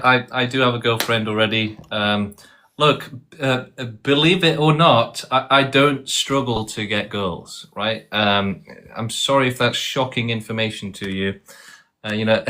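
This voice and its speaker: A man in his thirties running a casual debate stream. He sounds dismissive and keeps repeating himself, stumbling through ums and restarts. His voice sits at a middling pitch. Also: moderate pace, pushed and bright. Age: 30s. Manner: dismissive, repetitive, frequent fillers and restarts. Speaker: livestream debate host.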